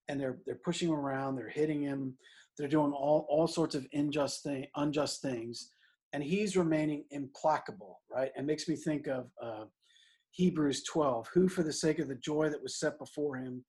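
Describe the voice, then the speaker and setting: Here a middle-aged priest gives a sermon that feels like conversation, full of "right?" asides and emphatic scripture. The pitch runs somewhat high, the tone a little mellow with a slightly rough texture.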